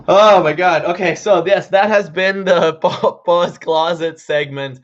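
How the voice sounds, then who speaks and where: A man's voice: high voice, a little slow, hardly any pauses. A young man chatting playfully in a casual vlog and reading his own writing aloud. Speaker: vlogger. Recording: slightly dull lo-fi sound.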